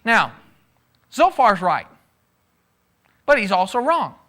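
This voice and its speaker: A man's voice: high voice, animated, moderate pace, pushed and bright. A man preaching a sermon in a conversational way, asking his listeners questions and acting out quotes. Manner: conversational, asks the audience questions, acts out quotes. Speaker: pastor.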